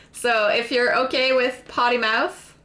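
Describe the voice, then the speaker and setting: Bright-voiced Québécoise streamer chatting slowly. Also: female voice, fairly high pitch. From Quebec, Canada. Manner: chatty, animated, many fillers. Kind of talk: casual chat while gaming.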